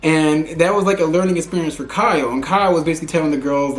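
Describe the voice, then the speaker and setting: A man from Houston giving frank, slangy, animated pop culture commentary in a casual vlog. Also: fairly high pitch, quick pace, hardly any pauses. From Houston, Texas. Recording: echoey room.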